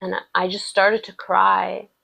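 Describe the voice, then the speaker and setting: A woman's voice: medium pitch, completely flat delivery, slow pace, gravelly, no room sound, poor audio. A woman giving a casual, rambling tarot love reading, full of filler words and affirmations. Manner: chatty, rambling, many "like" fillers, warm affirming tone. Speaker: tarot reader.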